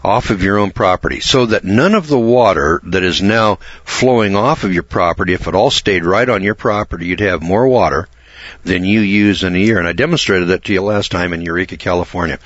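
A man with a very low voice talks on the radio in a folksy, rambling way, pressing his points hard and often clearing his throat. He is from America. The recording is dry and dull, like an old lo-fi broadcast. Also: fairly quick, fairly bright tone, no echo. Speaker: radio talk show host. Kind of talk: talk radio monologue.

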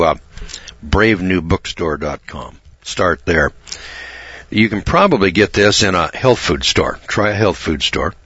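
An American man hosting a talk radio show, rambling and emphatic in a folksy way, often clearing his throat. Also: sits low, a bit bright, dry recording, muffled recording.

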